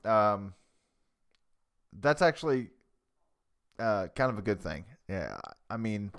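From his home basement, a man hosts a casual podcast on a cheap desktop USB mic, rambling profanely and making fun of himself. His fairly low voice swings widely in pitch and is slow, smooth, and a bit bright.

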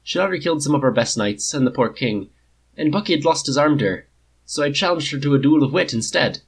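A gentle, bashful young king with a clear, warm voice, set a few steps higher than the reader's own. A man reading a storybook puts him on. He sounds courteous and a little apologetic. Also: expressive, fast talker, heavily acted. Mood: polite. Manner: polite, apologetic, embarrassed.

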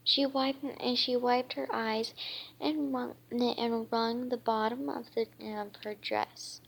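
A woman's voice: fairly high pitch, flat delivery, slow pace, vocal fry, rough recording. A woman reading a children's book aloud, stumbling and restarting often. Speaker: reader.

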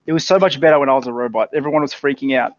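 A man's voice: mid-range voice, racing, highs cut off, slight background noise. A young Australian man co-hosting a podcast, easygoing and agreeable in casual chat. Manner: easygoing, agreeable, laughs along. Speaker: podcast co-host.

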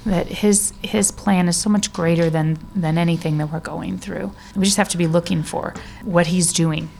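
Gravelly-voiced woman, animated podcast co-host. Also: on the low side, normal speed, a little hiss or hum. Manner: animated storyteller, reads scripture aloud, frequent "you know". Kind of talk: casual faith podcast chat.

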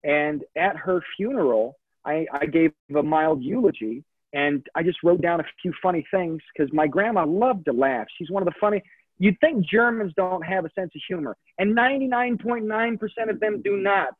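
A man's voice: high-pitched, moderate pace, no room sound. A man in his thirties, a comedian, telling his story in a chatty, digressive way and often correcting himself. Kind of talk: casual storytelling interview. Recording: tinny phone-like line, dry.

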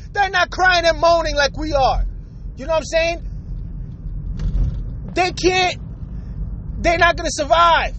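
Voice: very high-pitched, takes it slowly, pauses often, bright, forceful tone, a little hiss or hum, poor audio. A vlogger delivering an angry, emphatic rant full of swearing. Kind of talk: profane ranting monologue.

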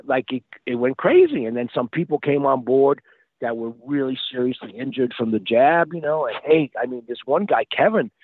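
A man telling stories as a guest over the phone. He talks in a lively, casual way, repeats words and acts out quotes. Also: mid-range voice, moderate pace, no echo. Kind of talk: casual storytelling. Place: outdoors by a street. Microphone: phone call. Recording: tinny phone line, dry.

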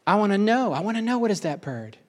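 A middle-aged man talks casually in a rambling, emotional monologue, full of quick asides and heavy repetition. His voice is high and very animated.

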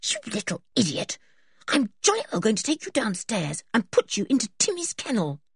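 A woman voicing a blunt, fierce tomboyish girl in a storybook reading, with a gruff, direct delivery. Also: on the high side, sing-song, a little slow, no echo, clean studio sound, pitched above the performer's own voice, exaggerated voice. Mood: fierce whisper.

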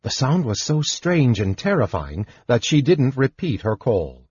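A man narrating an audiobook in a measured, deliberate way. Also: medium pitch, sing-song, darkish tone, husky, no room sound. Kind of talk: scripted narration. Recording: dull lo-fi recording.

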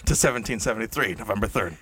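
Bright-voiced man rambling through a comic story. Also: lowish voice, lively intonation, racing, breathy edge, no echo. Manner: rambling, self-correcting, laughs at own jokes. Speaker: storyteller improvising a tale. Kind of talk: casual improvised comic storytelling. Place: indoor room shared with a co-host.

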